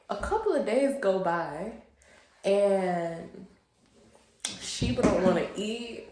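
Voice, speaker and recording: A woman in her late twenties from a Haitian family, telling a personal story in an animated, expressive storytime vlog. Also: a little high. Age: late 20s. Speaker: vlogger. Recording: roomy echo.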